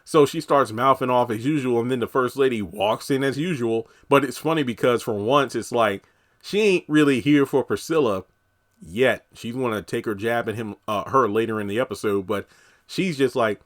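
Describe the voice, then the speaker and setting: Male reviewer, casual recap delivery, acts out quotes from the show; easy middle-pitched voice, lively and expressive. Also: moderate pace. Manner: animated, acts out quotes from characters. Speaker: TV episode reviewer.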